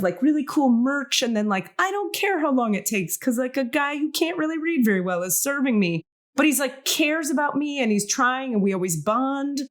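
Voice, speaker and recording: A middle-aged woman hosting a podcast in casual chat, emotional and gushing, talking in quick bursts with restarts. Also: high-pitched, lively intonation. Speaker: podcast host.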